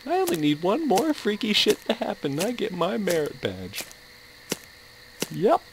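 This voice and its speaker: A man's voice: high-pitched, wildly swooping pitch, normal speed, background noise. A man giving sarcastic, jumpy commentary on a horror game, yelping and laughing at the scares. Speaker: let's play host.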